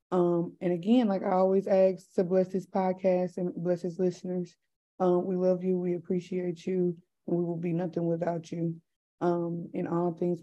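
A woman co-hosting a podcast, opening with an earnest spoken prayer in a steady voice. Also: fairly low pitch. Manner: earnest, steady, with soft fillers. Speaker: podcast co-host leading prayer. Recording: dull lo-fi sound.

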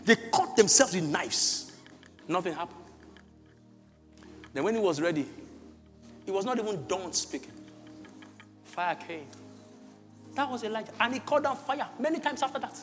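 A man preaching a sermon as pastor, swinging between loud shouts and quiet asides. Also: sits high, animated, normal speed, long pauses. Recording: echoey hall with faint music.

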